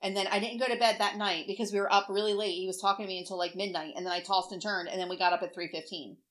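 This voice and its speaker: Bright-voiced middle-aged woman telling stories. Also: mid-range voice, fairly even intonation, rapid-fire. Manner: rambling storyteller, swears freely, laughs often. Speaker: podcast co-host. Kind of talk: casual chat.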